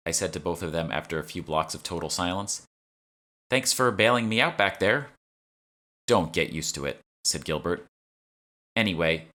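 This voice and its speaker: A man with a low, deep voice reading his own novel aloud at a steady, measured pace. The tone is bright and forward despite the low pitch. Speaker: author narrating his audiobook. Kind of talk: audiobook narration.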